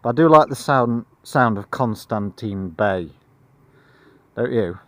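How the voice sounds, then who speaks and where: A worn-out man records a travel vlog outdoors while bikepacking. He speaks in a dry, self-mocking monotone at a middling pitch. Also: slow, a little hiss or hum. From Britain. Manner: dry, self-deprecating, low-energy monotone. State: tired. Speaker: vlogger. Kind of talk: casual travel vlog to camera. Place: outdoors on a cycling trip.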